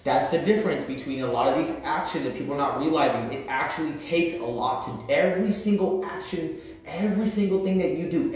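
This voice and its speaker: A man's voice: fairly high pitch, a little mellow. A man in his thirties talking casually on a livestream, blunt and profane, with street slang and lots of repetition. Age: 30s. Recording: very echoey room.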